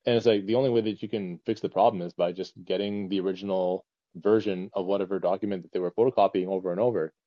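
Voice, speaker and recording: A man's voice: sits low, steady tone, fast talker, no room sound, lo-fi sound. A man co-hosting a casual podcast chat, rambling with many fillers and restarts. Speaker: podcast co-host.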